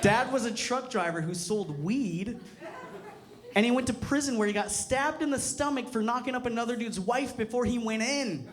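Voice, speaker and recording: A man's voice: extremely high pitch, normal speed. A man in his thirties doing a casual, profane stand-up set on a club stage, tagging lines with "you know". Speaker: stand-up comedian. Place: comedy club stage before a live audience. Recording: live club recording with crowd laughter.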